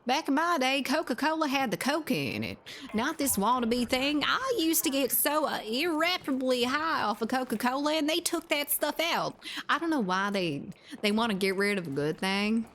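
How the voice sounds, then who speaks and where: A gruff old-timer country bumpkin grumbles in a thick Southern US drawl, as a woman streamer puts her on. The voice jumps high and swings around with lively inflection, with faint ambient noise behind. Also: moderate pace. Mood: grumbling. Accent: put-on Southern US drawl. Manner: grumbling, folksy, high-pitched.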